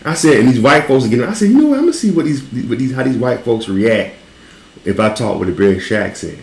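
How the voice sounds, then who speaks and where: A man in casual chat, telling a story in a relaxed, profane way with frequent laughs. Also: medium pitch, fast talker, creaky, echoey room, poor audio. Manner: laid-back, profane, laughs while telling stories.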